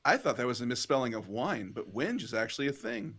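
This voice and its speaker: Animated man explaining word meanings. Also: mid-range voice, quick pace, slightly rough. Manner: explains things, reads definitions aloud. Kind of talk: casual live-stream chat.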